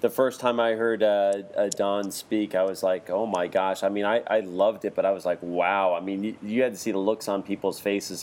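A man hosting a casual chat, telling lively anecdotes and jumping higher to act out quotes.

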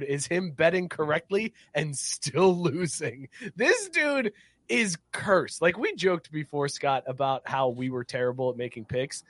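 A man hosting a sports podcast in casual chat, his voice sitting a bit high. He keeps the talk moving between topics and laughs often. The sound is dry and close. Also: fairly bright tone, dry recording. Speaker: podcast host.

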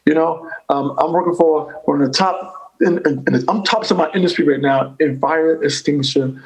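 A man with a slightly high voice tells a rambling comic story in loose conversation. He is animated and profane, and he loops back over his own phrases as he builds each bit. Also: moderate pace, poor audio. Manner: animated, profane, repeats himself. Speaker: comedian guest. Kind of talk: casual storytelling chat.

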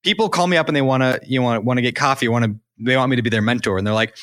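A man's voice: mid-range voice, racing, hardly any pauses, no echo, studio quality. A young man co-hosting a podcast, chatting casually and animatedly acting out what people say to him. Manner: animated, acts out quoted people. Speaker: podcast co-host.

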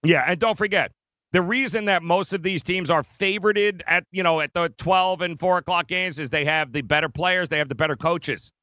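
A man's voice: sits high, normal speed, pushed and bright, no echo, lo-fi sound. A man co-hosting a sports betting show, talking emphatically in casual chat and often laughing. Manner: emphatic, laughs often, addresses co-host by name.

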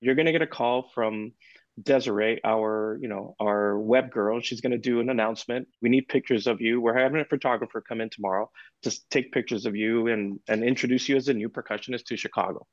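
A man's voice: medium pitch, a little fast, dry recording. A man tells stories as a podcast guest, bringing them to life by acting out each conversation. His voice sits in a middle register, and the recording is dry and slightly muffled. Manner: animated anecdote-telling, acts out quoted dialogue. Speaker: guest percussionist. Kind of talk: storytelling in a podcast interview.

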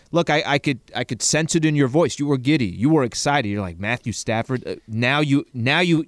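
A male sports radio co-host who speaks in a measured, conversational way. His voice is smooth and resonant, and it sounds dry and close to the mic. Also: mid-range voice, no echo.

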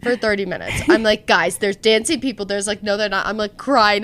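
A woman's voice: mid-range voice, a little fast, few pauses. A young woman hosting a podcast, telling a story in casual chat and acting out the quotes. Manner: animated storyteller, acts out quotes. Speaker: podcast host.

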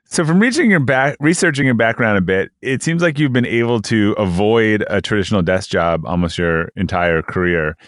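A male podcast host with a fairly low voice asks his guest brisk, conversational questions. His voice sounds dry and close to the mic. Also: expressive, a bit bright, no room sound. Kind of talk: interview questions and ad read.

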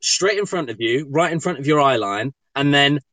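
A man's voice: on the high side, animated, normal speed, sharp tone, no room sound. A man in his twenties with a southern English accent, a guest chatting casually on a podcast with cheeky, joking asides. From southern England. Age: 20s.

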